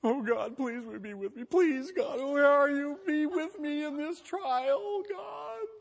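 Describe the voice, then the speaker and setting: A preacher mimicking a whimpering, fearful believer. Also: male voice, extremely high pitch, slow pace, creaky, voice pushed up, heavily acted. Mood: whining, pleading. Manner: whiny, pleading, near tears. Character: whimpering fearful believer begging God, adult man.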